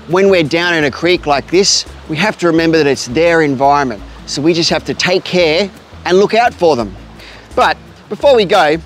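A man's voice: on the high side, fairly bright tone. An Australian man hosting a kids' outdoor adventure vlog outdoors by a creek, upbeat and talking straight to the children and his pet bird. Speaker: host of a kids' outdoor show.

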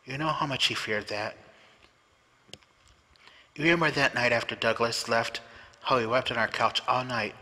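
A man's voice: medium pitch, bright, forceful tone. Man reading a firm loving woman. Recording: long hall reverb.

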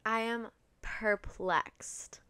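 Bright-voiced young woman telling a story. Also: on the high side, drawn-out words, clean tone. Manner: candid and expressive, swears freely, many likes. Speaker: podcast host. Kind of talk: casual confessional storytelling.

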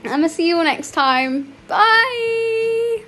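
A woman talks over her gameplay in a very high-pitched voice. Her delivery is chatty, rambling and emotional, with many restarts. Her voice has a sharp, bright edge. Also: lively intonation, slow, faint music behind. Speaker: gaming YouTuber. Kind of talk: game commentary vlog.

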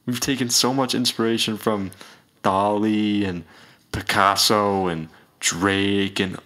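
A man's voice: fairly low pitch, steady tone, slow, fairly bright tone. A man in a comedy skit, playing a self-important rapper who lectures earnestly and a bit pompously. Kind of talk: mock-earnest comedy announcement.

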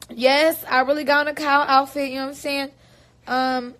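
A young woman talks on a casual livestream in a high, light voice. She rambles playfully and drops goofy little noises between thoughts. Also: fairly even intonation, normal speed, pauses often, fairly bright tone, a little hiss or hum. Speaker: singer livestreaming on tour.

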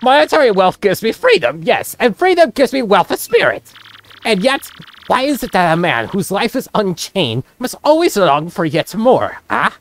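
A woman's voice: mid-range voice, sing-song, normal speed, no room sound. Woman putting on a boastful rich merchant man. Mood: grandiose. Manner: theatrical fake-Italian phrasing, grand boasts. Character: pompous rich male merchant, dramatic and greedy. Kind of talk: voicing game dialogue aloud.

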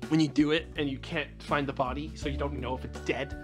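A male streamer giving live gameplay commentary, excitable and swearing as he yells at the game. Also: medium pitch, a little fast, over music.

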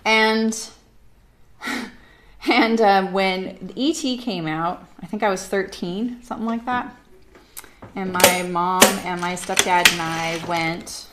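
A woman in her forties from Southern California hosts a sewing livestream from her home sewing room, chatting casually as she sews. She's a chatty, rambling storyteller with frequent fillers and laughs. Her voice is fairly low-pitched at a moderate pace, with a noisy background.

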